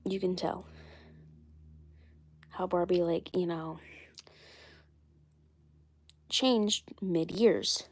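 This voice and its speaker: A woman's voice: on the low side, fairly even intonation, extremely slow, pauses often, breathy edge. A woman with a cold, sounding congested, chatting casually on a live stream and rambling with lots of fillers and repeats. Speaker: doll collector vlogger.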